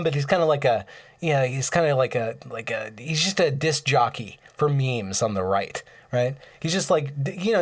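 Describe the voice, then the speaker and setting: A man hosting a casual livestream, rambling and getting impassioned, with frequent stammers and restarts. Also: on the high side. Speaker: livestream host.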